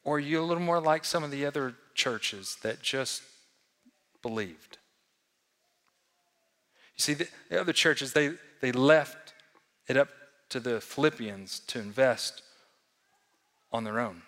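A man preaching a sermon to a congregation, swinging between loud emphatic lines and hushed ones and asking the room questions. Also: mid-range voice, a little slow, long pauses. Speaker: pastor. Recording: long hall reverb.

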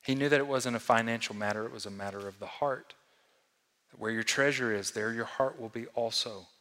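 A man preaching a sermon to a congregation, swinging between loud emphatic lines and hushed ones and asking the room questions. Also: medium pitch, a little fast. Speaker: pastor. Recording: long hall reverb.

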